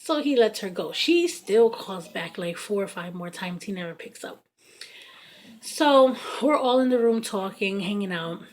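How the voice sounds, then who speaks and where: A woman's voice: medium pitch, measured pace. Blunt, profane woman in her thirties. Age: 30s. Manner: blunt, profane, animated retelling full of fillers. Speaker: vlogger telling a personal story. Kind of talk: casual storytime.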